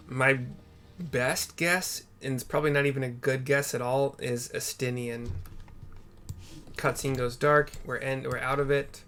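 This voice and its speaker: Gravelly man narrating a game. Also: mid-range voice, fairly even intonation, unhurried, long pauses, a bit bright. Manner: casual, swears, thinks aloud. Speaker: game narrator for blind viewers.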